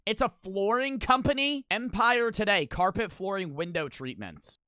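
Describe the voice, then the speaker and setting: A young man casually reacting to old TV commercials, swearing freely and breaking into loud, incredulous outbursts. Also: sits high, lively intonation, normal speed, a little hiss or hum.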